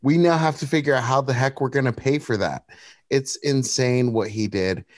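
A man's voice: mid-range voice, moderate pace, dry recording, clean studio sound. A man on a political talk podcast, talking in an outraged way and stumbling over his words.

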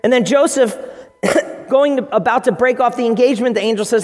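A man preaching a sermon as pastor, telling stories with lively acted-out quotes. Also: extremely high pitch, fairly quick, in a large hall. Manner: animated storytelling with acted-out quotes.

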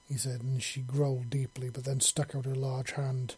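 Mellow, husky male storyteller. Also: medium pitch, moderate pace, no echo. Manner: relaxed, with small slips and self-corrections. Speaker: narrator. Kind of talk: storybook narration.

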